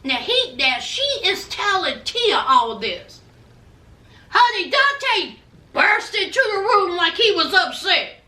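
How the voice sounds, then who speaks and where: A woman's voice: very high voice, very animated, slow pace, bright, forceful tone. A woman hosting a casual TV recap, sassy and gossipy. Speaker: TV recap host. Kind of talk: casual chat. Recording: roomy echo.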